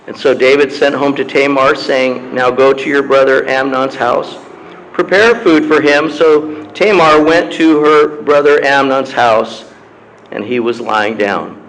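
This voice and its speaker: A man preaching a sermon and reading scripture aloud in a slow, measured way, with long pauses and frequent throat-clearing. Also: mid-range voice, a bit bright, a little hiss or hum, poor audio. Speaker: pastor. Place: church.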